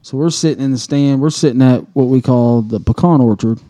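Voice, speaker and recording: A man, co-hosting a casual podcast and telling an animated hunting story, swearing and laughing as he goes. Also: medium pitch, a little fast. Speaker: podcast co-host.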